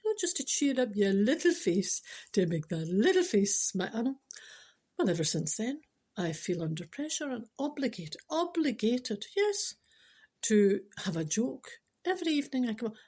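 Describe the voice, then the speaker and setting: A woman's voice: fairly high pitch, very animated, moderate pace, darkish tone, slightly rough. A Scottish woman hosting a chatty podcast, teasing and speaking straight to her listeners, sometimes dropping to a whisper. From Scotland. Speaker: podcast host.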